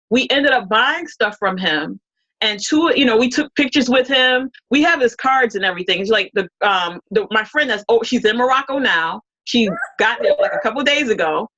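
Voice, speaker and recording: A woman's voice: fairly high pitch, a bit bright, dull audio. A woman as an interview guest, telling a story in a casual, rambling way full of restarts and quoted dialogue.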